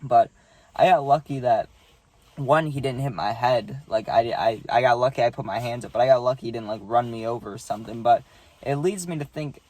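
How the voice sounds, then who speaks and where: A man's voice: medium pitch, a little fast, darkish tone. A man telling a personal story in a casual monologue, rambling, swearing freely and tagging his sentences with "like" and "right?".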